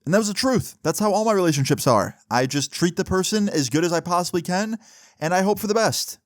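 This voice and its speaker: A man's voice: sits high, lively intonation, quick pace, no room sound, clean studio sound. A young man, a YouTuber, telling a personal story in a chatty, laid-back, conversational way. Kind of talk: casual storytime narration.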